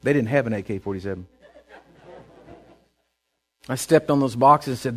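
A man from Texas with a Texan accent, telling a folksy, animated sermon story and often repeating himself as he goes. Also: medium pitch, normal speed.

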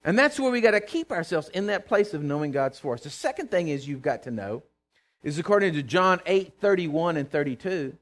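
A man's voice: fairly high pitch, sing-song, fairly quick. A middle-aged man preaching a fervent sermon, calling on the congregation to answer him. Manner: fervent, calls for responses from congregation. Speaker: pastor.

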